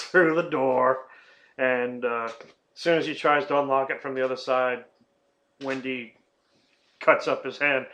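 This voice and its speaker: A man's voice: a little high, a bit bright, rough recording. A man hosting a casual movie-review podcast, rambling and swearing, often laughing and acting out silly quotes. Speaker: podcast host.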